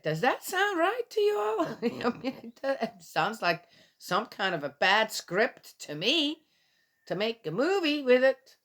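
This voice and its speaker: A woman's voice: on the high side, a bit bright. A woman reading a Bible passage aloud and commenting on it in a casual, skeptical way, asking many rhetorical questions.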